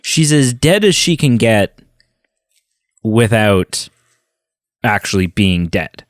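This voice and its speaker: A man's voice: fairly low pitch, sing-song, takes it slowly, no echo, studio quality. A man hosting a podcast, chatting casually in a review and retelling scenes with many fillers. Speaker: podcast host. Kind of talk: casual film review chat.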